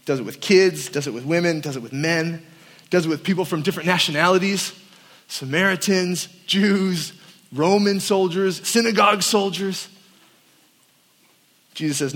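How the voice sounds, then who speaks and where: A man preaches at a camp, telling a story and acting out each voice in his tale. His voice sits high for a man. A long reverb trails behind him in the large hall. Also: moderate pace. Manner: animated storyteller acting out quotes. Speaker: campus pastor. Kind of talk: sermon with storytelling.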